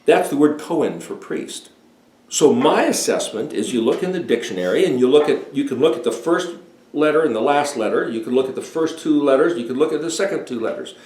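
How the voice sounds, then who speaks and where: A man in his sixties giving a deliberate, emphatic talk explaining Hebrew words as a home Bible teacher. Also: medium pitch, animated, a little mellow. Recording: echoey room.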